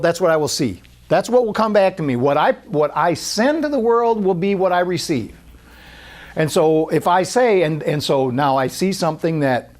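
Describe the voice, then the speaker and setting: An earnest man giving a spiritual sermon, his voice sitting high for a man. He talks freely and repeats himself, stumbling through restarts as he works his way toward a point, and he acts out inner thoughts in quoted asides. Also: darkish tone. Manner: earnest, repetitive, with many restarts and acted-out quotes.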